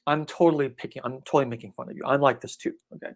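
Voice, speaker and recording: A man's voice: medium pitch, quick pace, hardly any pauses. Laid-back man answering spiritual questions. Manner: relaxed, irreverent, often asks "right?". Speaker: spiritual teacher. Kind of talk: casual live online Q&A.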